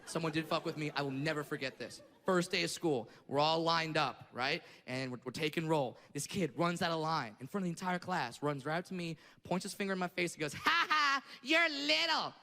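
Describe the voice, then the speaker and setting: Brash high-voiced male stand-up comic. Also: a little fast, hardly any pauses. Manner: brash, profane, erupts into shouted rants. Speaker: stand-up comedian. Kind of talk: stand-up comedy set. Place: large theater stage. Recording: live theater with reverb and crowd laughter.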